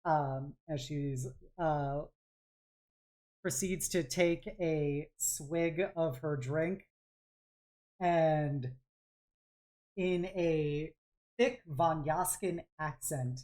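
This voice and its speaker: A woman's voice: sits low, extremely slow, long pauses, warm tone. A woman game master narrating a tabletop game, describing scenes in a rambling way full of fillers.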